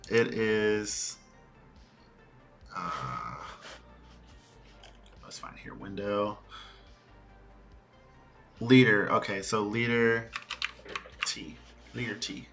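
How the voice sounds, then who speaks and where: A man streaming a quiet coding study session, talking to himself in halting bits as he works. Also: on the low side, gravelly. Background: soft music and keyboard typing.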